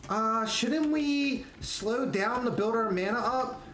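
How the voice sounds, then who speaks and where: Man putting on a timid night elf druid, hesitant, high-pitched, roomy. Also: slow, bright, forceful tone, a little hiss or hum, exaggerated voice. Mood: meek. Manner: hesitant, meek.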